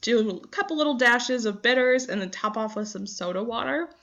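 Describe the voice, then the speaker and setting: A young woman with a bright, clear voice chats loosely as a podcast co-host. She rambles from one story to the next and laughs often as she talks. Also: on the high side, lively intonation, a little fast, dull audio. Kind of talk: casual chat.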